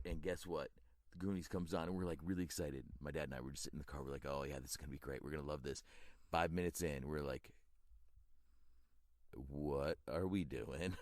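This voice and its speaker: A middle-aged man co-hosts a casual movie podcast, teasing his partner and slipping into goofy voices. His voice sits very low, and the recording is dry and close. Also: darkish tone, no echo. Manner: playful, teasing, does silly voices. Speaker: podcast co-host. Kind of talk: casual movie review chat.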